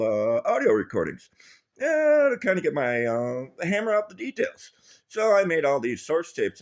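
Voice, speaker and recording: A man telling a long, rambling story to his viewers, swearing constantly and mocking the people he quotes. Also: fairly high pitch. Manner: profane, rambling, animated storytelling; quotes others in mocking voices. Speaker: vlogger. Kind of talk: rambling profane monologue.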